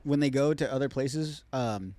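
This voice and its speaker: A male podcast co-host talks in a relaxed, rambling way, full of likes and restarts. His pitch sits in the middle for a man. The mic is close and dry. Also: moderate pace, no room sound. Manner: relaxed, rambling, swearing, many fillers. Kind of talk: casual chat.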